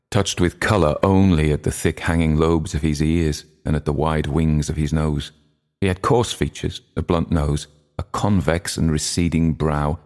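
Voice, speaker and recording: A man reading literary fiction aloud as an audiobook narrator, in a measured, even manner. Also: very deep voice.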